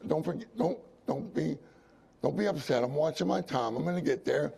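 A man's voice: fairly high pitch, expressive, normal speed, creaky, dark tone, a little hiss or hum. A man preaching a sermon, telling a personal story with repeated phrases and asides to his congregation. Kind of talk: sermon testimony.

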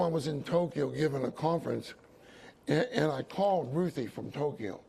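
A man's voice: fairly high pitch, lively intonation, normal speed, gravelly, dark tone, slightly rough. A man preaching a sermon at a conference, emphatic and repeating phrases for stress.

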